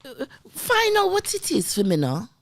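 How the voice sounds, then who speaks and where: A woman voicing her mother, an insistent older woman with a Jamaican accent, in a raised pitch. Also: huge pitch swings, normal speed, no room sound, studio quality.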